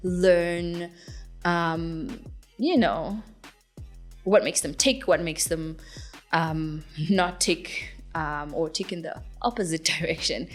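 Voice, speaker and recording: A woman's voice: deep voice, takes it slowly, soft background music. A young woman from Zimbabwe, a singer-songwriter, answering interview questions in a chatty, giggly way with lots of fillers.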